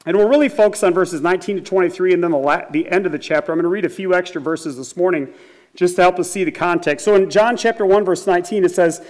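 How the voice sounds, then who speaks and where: A middle-aged man with a high voice preaches to his congregation. He tells stories and acts out the people he quotes. He drives his points home with emphatic, repeated questions. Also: fast, darkish tone. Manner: storytelling with acted quotes, rising to emphatic repetition. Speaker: pastor. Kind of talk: sermon.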